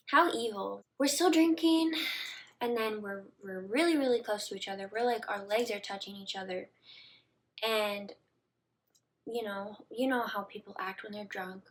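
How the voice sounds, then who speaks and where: A young woman telling a personal story to her viewers in a casual, chatty way, full of "like" fillers and dropping into soft murmurs. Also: mid-range voice, normal speed. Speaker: vlogger.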